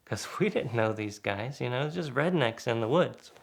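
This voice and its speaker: A man telling a casual spoken anecdote in a lively way, acting out the other people's lines. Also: normal speed, gravelly. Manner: lively, acts out quoted voices with sudden pitch jumps. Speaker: guest storyteller.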